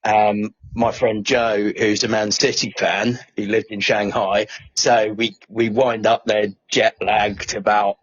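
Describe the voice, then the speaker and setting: A man from Norfolk, a podcast guest, telling an animated story in casual chat with lots of fillers. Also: fairly low pitch, slow, hardly any pauses, breathy edge, dry recording, lo-fi sound. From England (Norfolk). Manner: animated, laughing, with many fillers.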